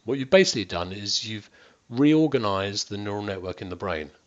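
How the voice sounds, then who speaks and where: A male wellbeing coach guides listeners through a stress-management exercise, addressing them directly and checking in often. To demonstrate, he drops to near-whispers and slow, stretched-out words. His fairly low voice is expressive, though the audio sounds dull.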